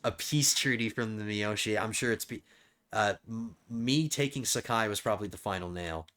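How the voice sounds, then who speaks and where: A man's voice: on the low side, normal speed. A man whose voice is strained, casually talking through his moves as he plays a strategy game. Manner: thinking out loud while playing. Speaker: gaming channel host. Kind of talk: casual let's play commentary.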